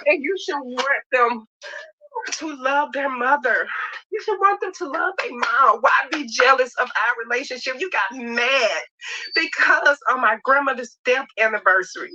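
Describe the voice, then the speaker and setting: Bright emphatic middle-aged woman, lo-fi. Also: sits high, animated. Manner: emphatic, rapid, heartfelt. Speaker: reality show cast member. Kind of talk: emotional personal storytelling. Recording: dull lo-fi clip audio.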